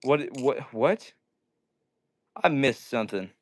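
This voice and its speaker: A man's voice: medium pitch, lively intonation, slow pace. A man hosting a casual indoor livestream, joking around and reading viewer comments aloud. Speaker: livestream host. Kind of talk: casual live-stream chat.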